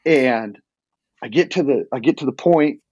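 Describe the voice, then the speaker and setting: A man telling a hunting story in a casual, animated and rambling way, full of restarts. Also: medium pitch, normal speed, slightly rough, dry recording. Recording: dull lo-fi sound.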